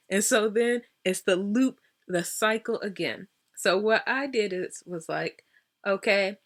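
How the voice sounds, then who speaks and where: A woman vlogger telling a casual story to camera, animated, acting out both sides of the conversations with laughs. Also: mid-range voice.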